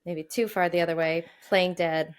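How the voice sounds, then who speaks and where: A woman's voice: lowish voice, steady tone, normal speed, clear, resonant tone. A woman in a casual podcast conversation who laughs easily and explains things with eagerness.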